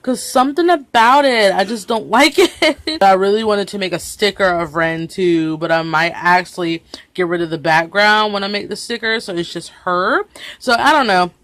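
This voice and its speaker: Chatting casually to her vlog camera, a vlogger in her twenties is talkative, easily excited, and prone to giggling. She speaks at a medium pitch and moderate pace, with no room sound.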